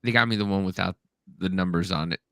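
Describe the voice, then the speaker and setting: A man's voice: low-pitched, fast, vocal fry, a crowd in the background. A man co-hosting a podcast in casual chat, telling stories animatedly and acting out his relatives in raised voices. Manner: animated storyteller, acts out family members in raised voices. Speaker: podcast co-host.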